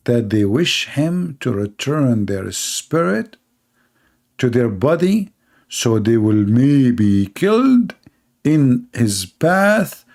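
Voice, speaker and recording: A man's voice: mid-range voice, a little mellow. Man with a sarcastic storytelling style. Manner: sarcastic storytelling, mimics others. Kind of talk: mocking religious commentary.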